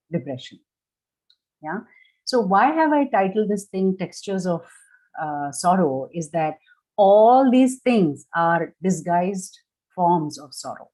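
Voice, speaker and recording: A woman speaks in a lowish, mellow voice as she leads a reflective workshop talk. She is gentle and measured and works through each idea step by step. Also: poor audio. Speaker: workshop speaker on grief and loss.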